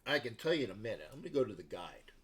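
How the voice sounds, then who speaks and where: A man's voice: fairly low pitch, big pitch swings, quick pace, fairly bright tone, slightly rough. A man hosting a sports talk livestream, chatting loosely with viewers and rambling through stories with many restarts and asides. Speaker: livestream sports show host. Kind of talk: casual rambling livestream chat.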